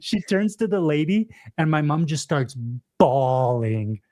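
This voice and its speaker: A young man co-hosting a podcast livestream, telling stories in an animated, casual way full of fillers and laughs. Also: a little high, unhurried. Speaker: podcast co-host.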